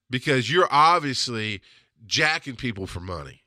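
Profane ranting man, bright dry voice. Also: medium pitch, animated, normal speed, dry recording. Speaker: podcast host. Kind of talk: solo podcast monologue.

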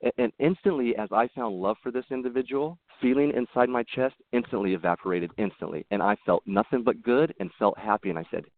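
A fairly quick-talking man with a mid-range voice and few pauses relates personal stories as a podcast guest. The casual interview audio is dry and tinny, as if over a phone, and he rambles earnestly, often restarting.

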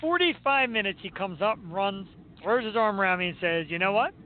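A man with a high voice hosts a casual radio chat, spinning jokey stories and laughing between them. The sound is narrow and tinny, like a phone line. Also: animated, brisk, slight background noise. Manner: storytelling, jokey, laughs often. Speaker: radio show host.

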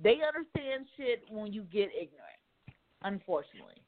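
A woman's voice: medium pitch, a little fast, dry recording. Woman talk host, emphatic, casual, cursing freely; dry, tinny phone-quality sound. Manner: animated, emphatic, profane, acts out quotes. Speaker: radio talk show host.

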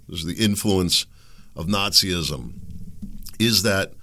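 A man's voice: low voice, slow, bright, forceful tone, a little hiss or hum. A man hosting a casual political commentary, rambling and thinking aloud as he reads passages out. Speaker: commentary show host.

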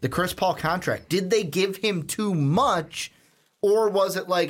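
A man co-hosting a casual basketball podcast, animated, trading predictions and backing his partner with frequent agreeing hums. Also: high-pitched, measured pace. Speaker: podcast co-host.

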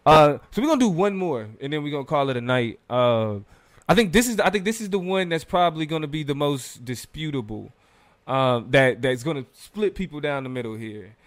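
A man co-hosts a casual live discussion, rambling with fillers and quick laughs. His voice is smooth and clear, and the sound is dry and close with no room around it. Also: on the high side, no room sound. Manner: loose and animated, frequent fillers, laughs while talking. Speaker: podcast co-host.

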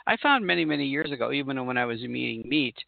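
A man's voice: mid-range voice, animated, quick pace, vocal fry, dry recording. A middle-aged man hosting a podcast, talking casually in a rambling, chatty way that often corrects itself. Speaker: podcast host and spirit channeler. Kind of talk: casual solo podcast monologue. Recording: tinny phone-like sound.

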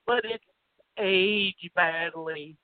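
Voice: medium pitch, very slow, dry recording. A podcast co-host talking about old films in a blunt, joking way, swearing often. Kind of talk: casual film chat. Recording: thin phone-like audio, dry.

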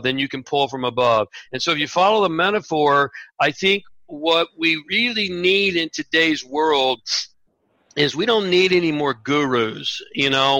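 A man's voice: fairly high pitch, sharp tone, no echo, poor audio. A man speaking as a guest author on a radio interview, earnest and reflective, often restarting his sentences. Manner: earnest, halting restarts, acts out quotes in a raised voice.

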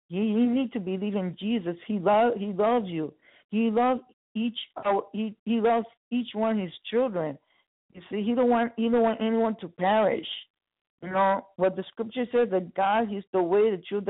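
Earnest preacher on a tinny phone line. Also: medium pitch. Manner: earnest, repetitive, many halting restarts; keeps addressing listeners as brothers and sisters. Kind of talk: spontaneous evangelistic preaching.

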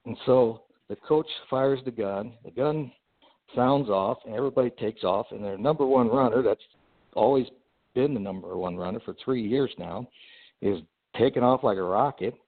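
A man in the middle of his range tells a personal story with lively energy, stumbling through fillers and restarts as he builds it. His voice comes through a thin, tinny, phone-like line. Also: mid-range voice, normal speed. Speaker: guest entrepreneur. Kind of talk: storytelling in a podcast interview.

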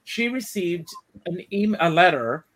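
Higher-voiced male host, relaxed. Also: measured pace. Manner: relaxed and conversational, tells a joke. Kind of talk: casual interview chat.

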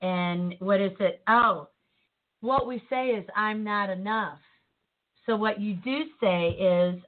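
A woman co-hosting a casual motivational chat, animated and laughing easily, often trailing off mid-thought. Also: mid-range voice, slow. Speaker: co-host. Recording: tinny phone-like line.

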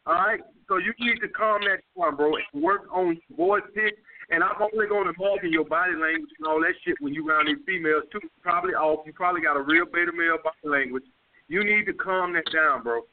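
A man's voice: fairly high pitch, quick pace, slight background noise. A man with a New York accent hosting a call-in dating advice show, blunt and profane, repeating his points. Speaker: dating coach host. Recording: phone-line call-in audio.

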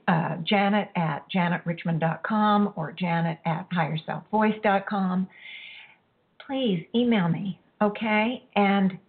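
A woman leading a guided spiritual healing, speaking softly and emotionally, with halting pauses and a husky voice. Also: mid-range voice. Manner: soft, emotional, halting, tearful at times. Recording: tinny phone-like line.

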